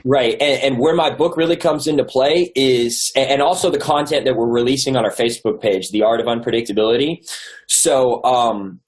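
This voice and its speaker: A man's voice: mid-range voice, fairly quick, low-quality recording. Rambling man telling a story. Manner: rambling with many likes and restarts. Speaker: author and guest. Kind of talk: casual storytelling interview.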